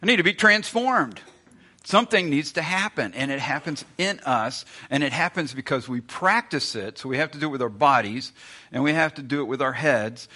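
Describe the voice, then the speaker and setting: Bright, forceful male preacher. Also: medium pitch. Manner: conversational and emphatic, with rhetorical questions. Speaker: pastor. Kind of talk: sermon.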